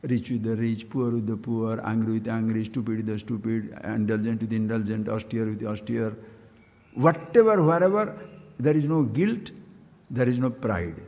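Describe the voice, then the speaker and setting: A man giving a spiritual discourse, playful and animated, chanting syllables with big leaps in pitch. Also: moderate pace. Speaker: spiritual teacher. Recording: long hall reverb.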